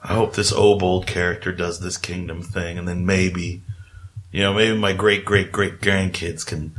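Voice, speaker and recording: A man's voice: sits low, fairly even intonation, a little slow, a bit bright. A man playing a brash, crude lady orc. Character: hard-drinking friendly female orc.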